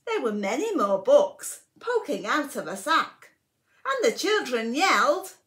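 A woman reading a rhyming picture book aloud to children for a library storytime, very expressive, with whispered asides. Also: sits high, unhurried.

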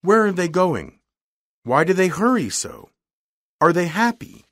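A man doing a haughty rich young woman, refined and weary, raised pitch, lively swings, dry sound. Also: unhurried, no room sound, heavily acted.

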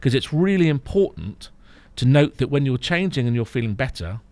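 A man coaching and explaining on a podcast, emphatic, often checking in with a quick "right?". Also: medium pitch, very animated, a little mellow, no echo. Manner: emphatic, explaining, frequent "right?" tag questions. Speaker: therapy programme coach. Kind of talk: podcast guest conversation.

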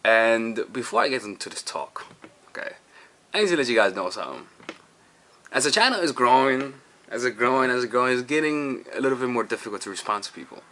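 Rambling man, bright voice. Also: mid-range voice, lively intonation, brisk. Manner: rambling, restarts often, frequent "all right?" and "you see". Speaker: dating coach. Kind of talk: casual advice monologue.

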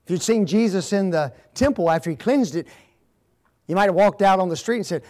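A man's voice: high-pitched, a little fast, darkish tone. A man speaking as a guest at a marriage seminar, asking the audience to fill in the blanks. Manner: asks fill-in-the-blank questions.

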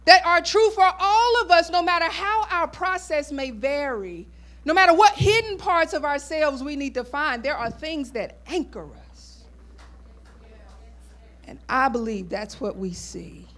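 A woman's voice: high-pitched, expressive, unhurried, a bit bright. A woman pastor preaching a sermon in a conversational style, with asides to the congregation.

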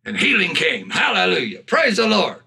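A man preaching a sermon in a high, bright voice with a gravelly, husky edge. He is fervent and exclaims praise between his points. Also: wildly swooping pitch, moderate pace. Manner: fervent, punctuated with hallelujahs and bursts of laughter.

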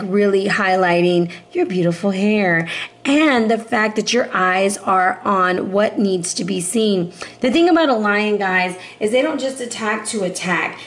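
Chatty woman tarot reader, echoey room. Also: medium pitch. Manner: chatty and emphatic, addressing viewers directly. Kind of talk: casual tarot reading monologue.

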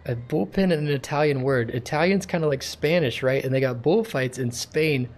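A man's voice: mid-range voice, moderate pace, faint music behind, close to an everyday voice. A man reading game subtitles aloud as a scheming yakuza club manager who talks himself through a puzzle, in a plain reading voice. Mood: musing.

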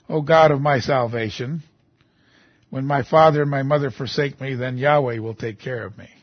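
A man's voice: mid-range voice, steady tone, normal speed, dry recording, muffled recording. A man preaching a sermon, reading scripture aloud and rising into emphatic outbursts.

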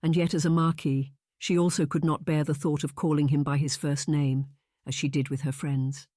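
A man reads audiobook narration at an even, measured pace. His voice sits a little high for a man. The sound is dry and close, with no room around it. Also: no echo. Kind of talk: scripted narration.

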